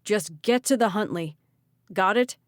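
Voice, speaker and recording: In this audiobook, a protective young man shouts steady directions through a storm, as a woman narrator puts him on. His voice sits a touch lower than hers, and the sound is close and dry. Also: unhurried, no room sound, lightly acted. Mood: steady, urgent. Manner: steady, reassuring.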